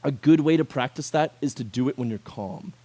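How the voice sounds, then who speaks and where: A youth pastor delivers a casual sermon to high schoolers at a brisk pace, animated and conversational, packed with rhetorical questions and filler words.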